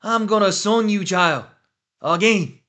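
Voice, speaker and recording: A man putting on an Irish accent to imitate a brash, trash-talking male fighter, shouting taunts. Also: high-pitched, slow pace, voice pushed up, heavily acted. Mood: taunting. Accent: Irish, put on.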